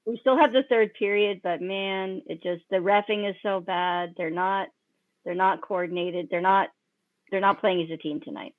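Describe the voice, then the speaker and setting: A woman's voice: medium pitch, steady tone, moderate pace, no room sound, narrow, tinny audio. A woman joining a hockey stream from home as a fan reporter, blunt and teasing in casual chat. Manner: blunt, teasing trash talk.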